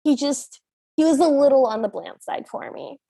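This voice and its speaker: Giggly woman podcast co-host with a high voice, casual film chat, dry close mic. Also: animated, normal speed, gravelly, dark tone, no room sound. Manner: giggly, laughs often while talking.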